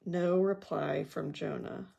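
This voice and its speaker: A woman's voice: low-pitched, fairly even intonation, slow, gravelly, warm tone, slightly rough, muffled recording. A woman leading a casual Bible study. She reads scripture aloud and then talks through it in a thoughtful, conversational way with personal asides. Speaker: Bible journaling teacher.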